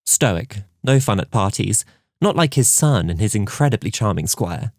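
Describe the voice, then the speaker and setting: A man's voice: fairly low pitch, animated, moderate pace, a little mellow, no room sound, studio quality. A man voicing a charming, cocky young squire in an audiobook, teasing and easygoing.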